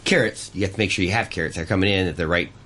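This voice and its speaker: A man's voice: low voice, a bit bright. A man speaking as a chef guest on a radio show, rambling and restarting as he explains sourcing. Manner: rapid, rambling, restarts often. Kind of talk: casual radio interview. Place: radio studio.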